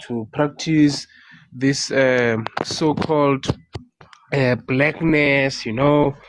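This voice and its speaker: A South African man speaking haltingly in an online discussion, with many fillers and some isiZulu. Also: medium pitch, no echo. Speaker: discussion participant.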